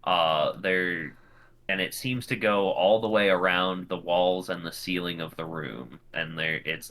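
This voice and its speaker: Low, bright-voiced male game master. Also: a little slow. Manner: filler-heavy, descriptive narration. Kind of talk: narrating a tabletop game.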